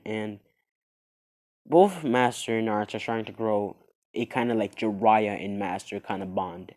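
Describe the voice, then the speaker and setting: A man telling an improvised fan story in a meandering, halting way, full of fillers and restarts. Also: lowish voice, darkish tone.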